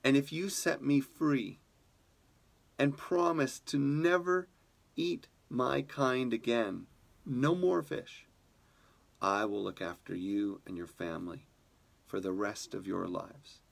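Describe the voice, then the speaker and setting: A man voicing a majestic talking fish who begs to be spared, slow and earnest in a storybook tale. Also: mid-range voice, gravelly. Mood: pleading.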